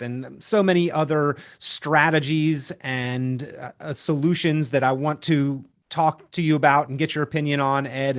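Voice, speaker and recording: Male radio host, fairly high voice, measured and formal, leads an interview. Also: fairly bright tone. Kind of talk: interviewing a guest.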